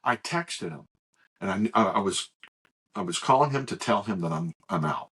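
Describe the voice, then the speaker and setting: A middle-aged man co-hosting a podcast, telling a personal story in a halting, animated way with frequent restarts. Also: lowish voice, vocal fry, slightly rough. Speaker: podcast co-host. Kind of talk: casual chat, personal storytelling.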